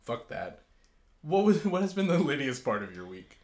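A man's voice: fairly high pitch, big pitch swings, moderate pace. A man in his twenties co-hosting a casual chat, joking, swearing freely and laughing often. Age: 20s. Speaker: podcast co-host.

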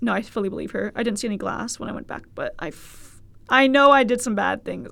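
Young woman, podcast host, gravelly fry, casual story, candid, swearing. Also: mid-range voice, fast. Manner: candid, swearing, laughing, animated quoted voices.

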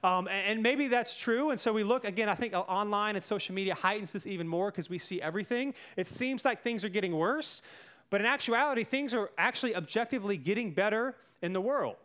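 A man's voice: sits high, fairly bright tone. A man giving a casual, conversational sermon as a pastor, talking through his points with many fillers and asides. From United States.

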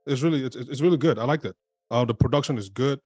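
A man in a casual group chat, relaxed and rambling, full of fillers. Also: medium pitch, fast, breathy edge, no room sound.

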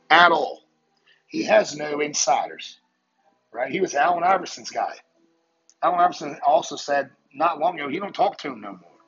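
A man hosting a podcast, delivering a heated, profane solo rant with rapid-fire rhetorical questions. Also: fairly high pitch, a bit bright. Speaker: podcast host. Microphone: phone. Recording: muffled lo-fi audio with crowd noise behind.

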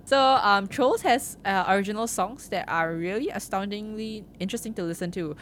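A woman, co-hosting a casual chat about films. She talks in an animated, giggly way and uses plenty of fillers. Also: mid-range voice, brisk, slight background noise. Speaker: podcast co-host.

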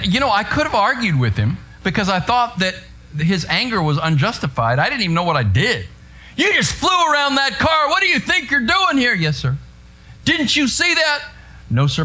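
A middle-aged man preaching a sermon in a conversational, storytelling way, often checking in with the congregation with quick asides. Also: a little high, fairly bright tone. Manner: conversational, anecdotal preaching with frequent "right?" asides. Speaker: pastor.

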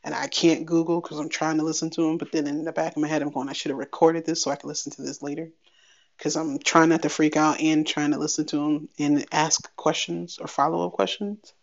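A woman giving a candid personal update on her podcast, chatty and wry, acting out bits of a conversation in quick animated bursts. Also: low-pitched, gravelly. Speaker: podcast host. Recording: slightly dull lo-fi sound.

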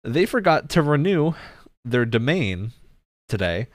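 A man hosting a casual gaming news chat, relaxed and chatty with frequent laughs. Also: medium pitch, unhurried, no echo, clean studio sound. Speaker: podcast host.

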